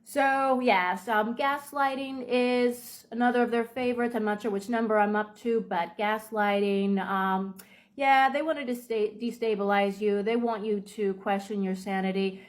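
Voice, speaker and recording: A woman talking in a casual advice vlog, unhurried, with frequent ums and restarts. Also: medium pitch, fairly even intonation. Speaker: video creator.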